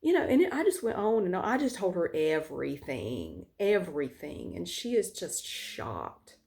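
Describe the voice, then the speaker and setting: A woman's voice: fairly low pitch, big pitch swings, normal speed, creaky, a little mellow. Frank, salty-mouthed woman telling a story. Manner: candid, frank with casual swearing. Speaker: vlogger. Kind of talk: personal storytelling.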